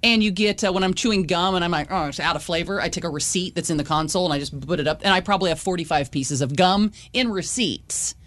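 A man co-hosting a casual chat show, animated and jokey. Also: sits high, fast, hardly any pauses, no room sound. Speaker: co-host.

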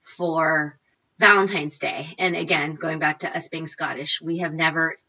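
Woman, 40s, animated interview guest; bright, slightly low voice, dull recording. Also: a little slow. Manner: animated, acts out quotes with big pitch jumps. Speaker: guest, recipe blogger. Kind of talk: casual storytelling interview.

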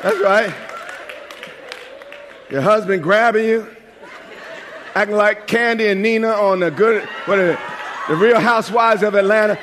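A man's voice: high-pitched, a little slow, long pauses, a bit bright, a faint crowd, a little hiss or hum. A pastor from New York preaching a sermon in a conversational, joking way, often restarting his phrases. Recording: long hall reverb.

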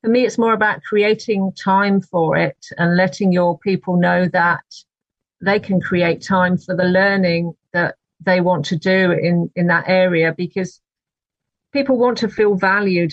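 A woman, an author, answering interview questions in a measured, thoughtful way. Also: fairly low pitch, no room sound, muffled recording. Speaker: author guest.

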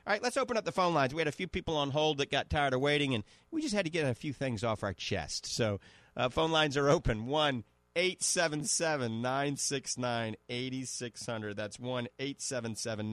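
A man hosting a radio health show, pitching products and repeating prices and names. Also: a bit bright, dry recording.

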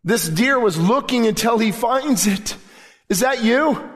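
Fervent high-voiced male preacher. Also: animated, measured pace. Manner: fervent preaching that swells to loud emphatic declarations. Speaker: pastor. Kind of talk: sermon. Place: church sanctuary during a service.

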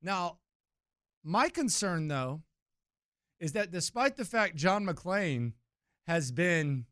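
A man hosting a sports radio show, animated and mock-serious, a self-described high-strung talker. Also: no echo, clean studio sound. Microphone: studio microphone.

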